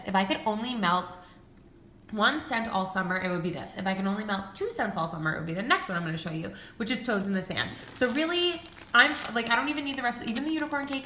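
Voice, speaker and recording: A bright, sharp-toned young woman in her twenties gushes through a casual haul video, excitable and full of "like". Her voice rings in an echoey room. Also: medium pitch, a little hiss or hum. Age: 20s. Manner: gushing, excitable, peppered with "like" and swearing. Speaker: vlogger.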